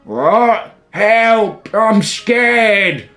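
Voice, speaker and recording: Man reading a young male trainer; bright, slow, earnest narration. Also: high-pitched, lively intonation, soft background music, voice pushed up, full character voice. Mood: scared. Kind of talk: game story read-along.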